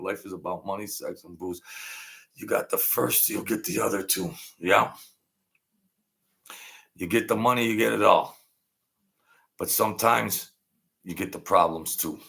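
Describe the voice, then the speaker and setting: A man telling street stories in a rambling, halting way, often stammering and acting out other people's voices. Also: lowish voice, creaky, a bit bright. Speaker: channel host telling mob stories. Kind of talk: casual storytelling monologue.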